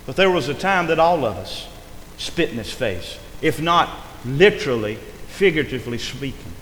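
A man's voice: medium pitch, animated, moderate pace, a bit bright. Emphatic preacher man in an echoey hall. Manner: emphatic, rising and falling preaching cadence. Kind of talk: sermon. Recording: echoey hall with long reverb, faint noise.

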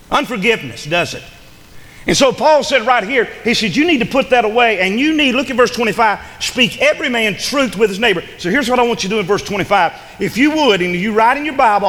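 Male pastor, high and animated, bright ringing tone, echoing sanctuary, fervent sermon. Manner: preaching with rising fervor, call-and-response amens. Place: church sanctuary. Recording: long hall reverb.

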